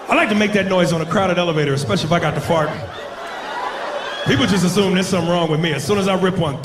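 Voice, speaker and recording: Brash high-voiced stand-up comedian. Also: male voice, racing. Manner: brash, profane, loud impressions. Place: comedy club stage. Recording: live club with loud crowd and noise. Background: audience laughter.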